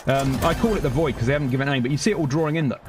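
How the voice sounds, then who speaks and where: A man's voice: medium pitch, rapid-fire, background noise. A man with a London accent, chatting casually to his viewers while playing a game live, rambling between topics. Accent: London English. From Britain. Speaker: game streamer. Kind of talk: live gaming stream chatter.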